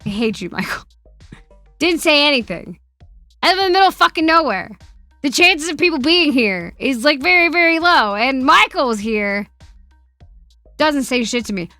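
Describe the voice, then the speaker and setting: Woman streamer, higher-pitched, sharp bright tone, swears a lot, teasing banter, faint music behind. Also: expressive, moderate pace, no echo. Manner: reads viewer questions aloud and answers them. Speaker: streamer host. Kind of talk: casual live-stream chat.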